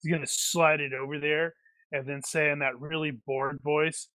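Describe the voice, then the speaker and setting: A man's voice: fairly high pitch, level tone, moderate pace, bright, forceful tone, low-quality recording. A man chatting as a player in a tabletop game, joking and sarcastic. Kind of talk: casual tabletop play.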